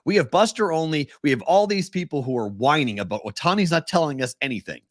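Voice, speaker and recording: A man co-hosting a sports betting podcast in casual talk, animated and laughing often, sometimes mimicking whiny voices. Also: fairly high pitch, fast talker, no room sound, clean studio sound.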